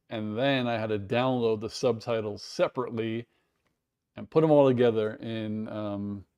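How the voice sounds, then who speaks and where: A man with a fairly low, slightly mellow voice hosts a casual live watch-along stream. He chats with viewers, reads their messages aloud and reacts with surprise.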